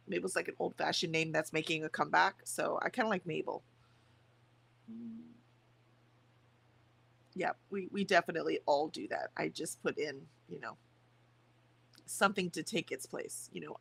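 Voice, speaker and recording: A woman hosting a morning writing livestream, chatting casually and reading viewer comments aloud, her voice rough from the early hour. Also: lowish voice, a bit bright. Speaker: streamer hosting writing sprints.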